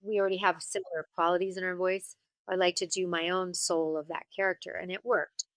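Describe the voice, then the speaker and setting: Woman voice actor guest, lively storyteller, fairly low voice but bright and punchy, dry close mic. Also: a little fast, dry recording. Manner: animated storyteller, breaks into character voices. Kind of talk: casual interview chat.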